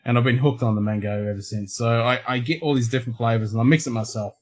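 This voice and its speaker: Brief: Australian male host, mid-pitched, laid-back, salty-mouthed livestream banter. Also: fairly even intonation, fast talker. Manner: blunt, swears constantly, laid-back. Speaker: show host. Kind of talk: casual livestream chat.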